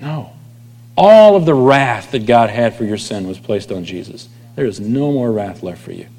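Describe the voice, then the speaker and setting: A man's voice: mid-range voice, lively intonation, moderate pace, mellow. Preaching man in a reverberant hall. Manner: conversational preaching, dropping to near whispers at line ends. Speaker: pastor. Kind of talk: sermon.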